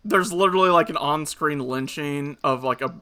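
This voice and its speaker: A man's voice: a little high, moderate pace, sharp tone, smooth. A man co-hosting a podcast in a casual, chatty way who agrees readily. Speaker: podcast co-host. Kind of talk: casual chat.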